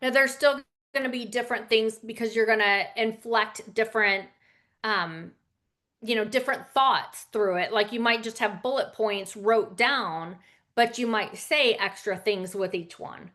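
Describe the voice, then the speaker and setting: A woman's voice: on the high side, measured pace, a bit bright. Chatty woman teaching public speaking. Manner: conversational, frequent fillers and asides. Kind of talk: casual spoken lesson.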